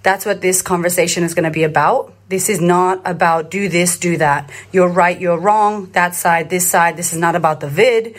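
A woman in her thirties from Australia who coaches confidence, talking to her followers on a phone camera. Her voice sits a little low, and she speaks bluntly and with emphasis. She swears often and drives her points home by repeating them. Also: moderate pace, few pauses. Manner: repetitive, rallying cadence. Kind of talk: live social media talk to followers.

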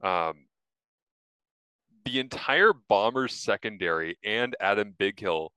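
Man, sports podcast host, low voice, forceful and bright, dry close mic. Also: lively intonation, slow, smooth, no room sound, poor audio. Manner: upbeat, chatty, laughs often. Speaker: podcast host and football analyst. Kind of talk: casual sports chat.

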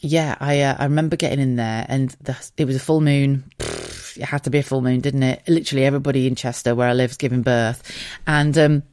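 A woman host frankly telling a personal story in a casual, animated way, with swearing and laughter. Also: very deep voice, fast talker, no room sound, clean studio sound. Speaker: podcast host.

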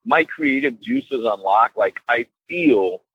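A man's voice: mid-range voice, lively intonation, slow pace, gravelly, breathy edge, no echo. Playful man on a muffled call line. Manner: playful, jokey, teasing. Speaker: podcast co-host. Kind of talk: casual podcast chat. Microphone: remote call mic.

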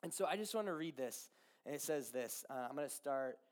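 A young man telling a Bible story in a casual, animated sermon, with fillers, asides and quick acted-out dialogue. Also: mid-range voice.

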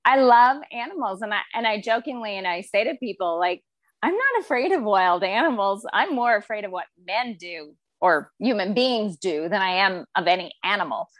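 Chatty podcast guest, woman, animated storyteller, dry recording. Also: medium pitch, normal speed, dry recording. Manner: animated storyteller, acts out quoted voices. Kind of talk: casual conversation.

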